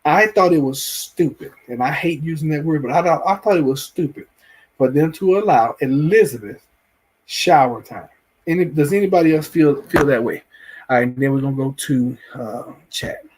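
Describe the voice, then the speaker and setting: Husky southern man chatting live. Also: on the high side, normal speed, a little mellow. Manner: rambling, repeats himself, restarts phrases. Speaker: livestream show host. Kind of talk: casual live chat reviewing a TV episode.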